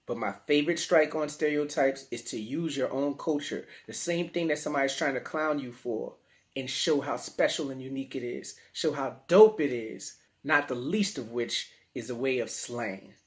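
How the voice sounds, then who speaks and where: A man with a New Orleans accent, teaching children in a playful, slangy, animated way. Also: medium pitch, normal speed. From New Orleans, USA. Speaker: teaching artist. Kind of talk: children's lesson to camera.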